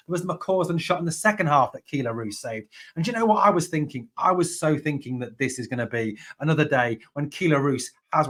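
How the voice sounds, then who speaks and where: A man's voice: medium pitch, fairly bright tone. A man hosting a fan channel, giving a passionate solo reaction to a football match, repeating points for emphasis.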